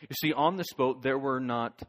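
A male pastor preaching a sermon, swinging from loud urging to near whisper. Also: medium pitch, normal speed.

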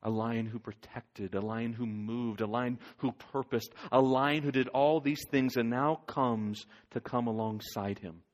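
A male pastor preaching a sermon, swinging from loud urging to near whisper. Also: medium pitch, steady tone, measured pace, hardly any pauses.

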